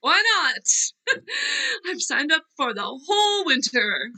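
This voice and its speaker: Actress as tearful young Nina. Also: female voice, high-pitched, wildly swooping pitch, slow pace, gravelly, bright, forceful tone, heavily acted, low-quality recording. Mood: wistful. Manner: wavering, laughing through tears, trailing off. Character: young actress Nina, fragile, restless, wistful. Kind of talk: virtual play reading. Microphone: video call.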